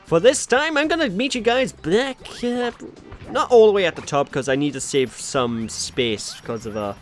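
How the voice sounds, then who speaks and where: A man's voice: high voice, very animated, normal speed, faint music behind. A man with a Welsh accent hosting a let's play, chatty and exasperated, with a bit of swearing. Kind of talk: casual gameplay commentary.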